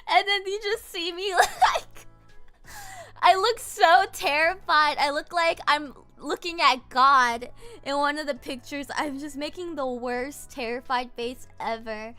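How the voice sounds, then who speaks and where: Woman streamer, high-pitched, bright tone, rambling casual chat, giggly, faint music behind. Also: measured pace. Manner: rambling and giggly, full of fillers. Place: home streaming setup.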